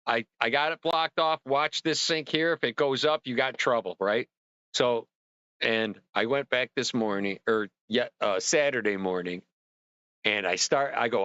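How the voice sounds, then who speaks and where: A middle-aged man hosting a livestream, telling a long, animated story in casual chat and swearing freely as he acts out his own rants. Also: medium pitch, normal speed, dry recording, lo-fi sound. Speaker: livestream host.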